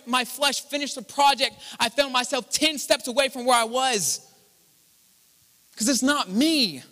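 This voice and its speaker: A pastor preaches live to his church, his voice unusually high and bright. He builds from conversational teaching to impassioned proclamations. The sound rings with the long reverb of the hall. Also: unhurried. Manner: impassioned preaching that rises to loud declarations. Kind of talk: sermon.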